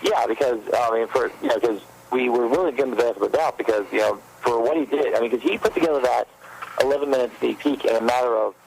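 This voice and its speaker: A man, a fan filmmaker guest, telling stories in a rambling, animated way during a casual interview, with a gravelly voice. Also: mid-range voice, fast, a little hiss or hum, poor audio.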